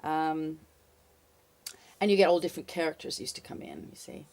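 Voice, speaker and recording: An older woman, a former bartender, telling a wry, lively anecdote in a casual spoken style. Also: deep voice, normal speed. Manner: lively, animated, wry storytelling with fillers.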